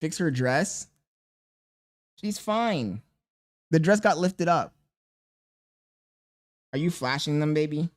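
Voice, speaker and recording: A man's voice: a little high, animated, takes it slowly, long pauses. Exasperated young male streamer. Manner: exasperated, talks to chat and his baby. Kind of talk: casual livestream chat.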